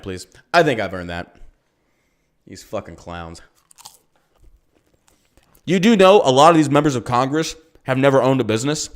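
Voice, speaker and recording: A man's voice: medium pitch, lively intonation, normal speed, pauses often. Profane, heated man ranting on a podcast. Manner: profane, heated, rhetorical questions. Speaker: podcast host and business owner. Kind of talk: ranting political commentary. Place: lives in Texas.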